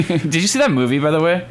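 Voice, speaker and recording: Chatty male radio host, lively pitch. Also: quick pace. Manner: chatty, rambling, full of likes and ums. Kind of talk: casual chat on radio.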